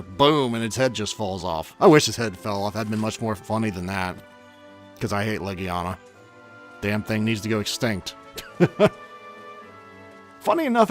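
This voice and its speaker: A man's voice: on the low side, expressive, moderate pace, long pauses, faint music behind. A man giving casual gameplay commentary as a channel host, chatty and self-mocking with grumbling asides.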